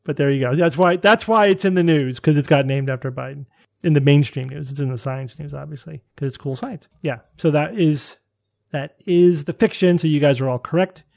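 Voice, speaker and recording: Guy with a mellow voice, kinda high, rambling through science news casually, lots of restarts. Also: fairly quick, vocal fry, dry recording, clean studio sound. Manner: explains at length with frequent restarts.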